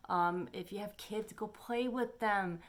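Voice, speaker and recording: A woman's voice: medium pitch, unhurried. A woman tarot reader giving a chatty, encouraging weekly energy forecast to her camera. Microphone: camera on her face.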